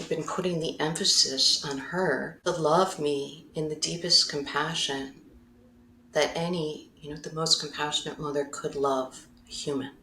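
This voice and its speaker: A woman's voice: deep voice, pushed and bright, slight background noise. A woman guest in a conversation, telling a personal story openly and emotionally, laughing often and correcting herself as she goes. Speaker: podcast guest, mindfulness facilitator. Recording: roomy echo.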